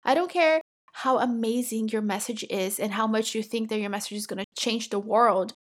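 A middle-aged woman from Brazil hosts a casual solo podcast at a normal speed, her voice on the high side and her accent Brazilian Portuguese. She talks straight to the listener, direct and encouraging.

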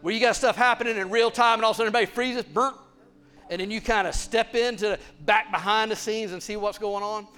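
High-voiced, animated preacher. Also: male voice, fast talker, clear, resonant tone. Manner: animated, playful, conversational. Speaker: pastor. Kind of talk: sermon.

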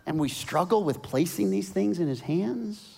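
A man's voice: high-pitched, normal speed, vocal fry, slightly rough. Man preaching in a reverberant hall. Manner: animated storytelling, dropping to soft intimate asides. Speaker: pastor. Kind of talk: sermon. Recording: long reverb of a large hall.

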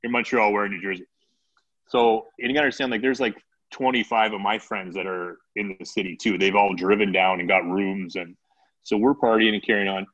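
Guy spinning a story on a podcast, lively, acts out the quotes, kinda muffled audio. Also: fairly low pitch, fairly quick. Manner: animated anecdote-telling with acted quotes. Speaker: podcast guest. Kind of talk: casual storytelling.

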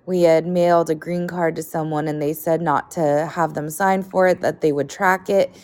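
A woman's voice: low voice, fairly even intonation, normal speed, darkish tone. A woman co-hosting a podcast, venting in casual chat with frequent swearing. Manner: exasperated venting, profane. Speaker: podcast co-host.

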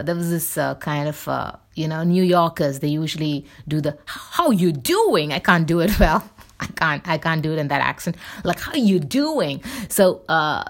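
A woman's voice: low voice, gravelly. A woman hosting a podcast in a casual, rambling monologue, full of fillers and tangents. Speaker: podcast host.

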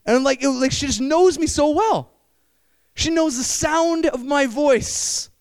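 A young man preaching a sermon, animated and addressing the congregation with frequent questions. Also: very high-pitched, takes it slowly, dry recording.

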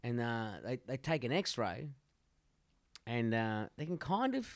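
A young man co-hosting a podcast tells rambling, crude stories and swears constantly in casual chat. His medium-pitched voice swings widely in pitch, he takes his time, and the recording is dry.

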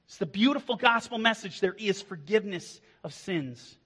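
A man preaching a sermon as pastor, impassioned, swinging from hushed passages to loud declarations. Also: sits high, animated, unhurried, breathy edge. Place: church. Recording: long reverb of a hall.

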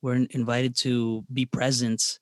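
A man hosting a faith podcast, earnest and reflective, pausing often on fillers as he speaks. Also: medium pitch, flat delivery, dry recording, studio quality. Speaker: podcast host.

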